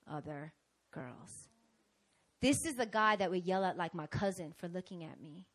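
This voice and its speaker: Young woman, sermon testimony, animated storyteller with big swings from soft to loud. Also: on the low side. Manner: dramatic and animated, with sudden swings from hushed to loud. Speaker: preacher giving a testimony.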